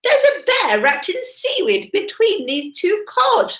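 A woman's voice: extremely high pitch, huge pitch swings, slow, sharp tone, voice pushed up, full character voice. A woman doing a chatty old fishmonger lady. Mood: puzzled. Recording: roomy echo.

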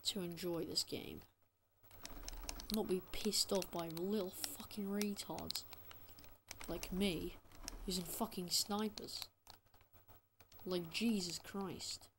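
A man's voice: sits high, fairly even intonation, slow pace, vocal fry, pauses often, noisy background. A man giving an angry, profanity-heavy rant as gameplay commentary, sounding exasperated throughout. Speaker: gaming channel host.

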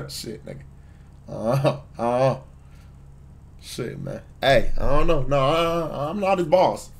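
A man's voice: mid-range voice, takes it slowly, gravelly. A man streaming a casual reaction, talking loosely to his chat with lots of slang and swearing. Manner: laid-back, profane, slangy, talks to chat.

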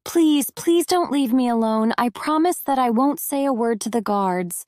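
A woman's voice: on the high side, lively intonation, moderate pace, darkish tone, no room sound, clean studio sound, natural voice. A woman voicing a desperate young male sailor imprisoned alone, anguished and pleading.

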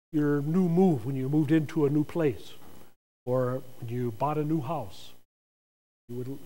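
A man pastor preaching a sermon earnestly, building to forceful emphasis and asking the congregation rhetorical questions. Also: fairly high pitch.

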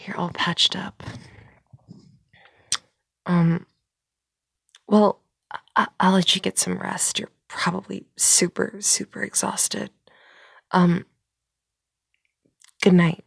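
A woman performing a scripted audio role-play as a caring friend, talking in a nervous, soft-spoken way with frequent stammers and pauses. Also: on the low side, level tone, vocal fry, husky, no room sound, studio quality.

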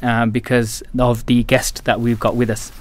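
A man's voice: medium pitch, little pitch movement, moderate pace. A man hosting a podcast, introducing his guest with many hesitations and restarts. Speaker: podcast host. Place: Birmingham.

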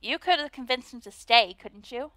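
A woman's voice: high-pitched, normal speed, fairly bright tone, no echo. Woman playing mean-girl noblewoman, put-on Valley Girl accent, sneering, drawling, game character, dry close mic.

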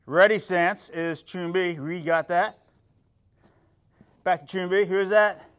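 A male karate instructor leads a streamed beginners' class with a high, bright voice. He walks the kids through each move calmly, then snaps out loud counts and punchy kiai shouts. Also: takes it slowly. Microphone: phone or laptop for a live stream.

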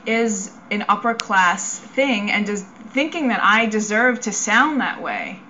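A woman's voice: mid-range voice, a little slow. A young woman with a New York accent, talking candidly and animatedly in a documentary interview. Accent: New York City. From Howard Beach, New York. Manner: candid, animated, many likes. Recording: dull lo-fi documentary clip with faint noise.

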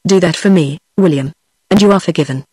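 A British-accented text-to-speech woman's voice reading the lines of an aggrieved, boastful royal male ghost, in the same flat synthetic style as the narration. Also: on the low side, fairly quick, husky, dry recording, low-quality recording. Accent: British English.

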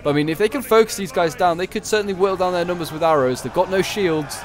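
A man's voice: sits high, quick pace, background noise. A man giving casual, chatty commentary over a strategy game battle, thinking aloud with many fillers and restarts. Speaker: gaming commentator.

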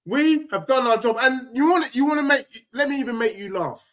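A man's voice: very high voice, a little fast. A young man, co-hosting a casual football debate, emphatic and ranting as a fan. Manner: animated, emphatic, ranting with rising outbursts. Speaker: football podcast co-host, fan.

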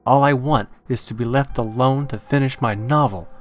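A man voicing a quick-tempered, defiant male novelist who snaps indignantly in a read-aloud horror story. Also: medium pitch, lightly acted. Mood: snapping. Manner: snappish, indignant.

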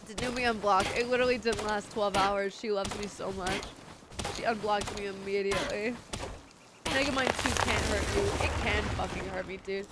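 Gaming on stream with a sore throat, a woman talks casually and swears freely in a medium-pitched voice. She gets excited and squeals at anything cute, and there's background noise.

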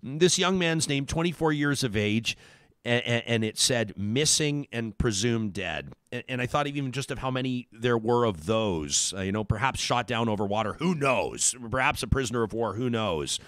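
A man's voice: medium pitch, expressive, normal speed, fairly bright tone, no room sound, clean studio sound. A middle-aged man hosting a talk radio show, rambling thoughtfully with frequent restarts. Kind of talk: casual talk radio chat.

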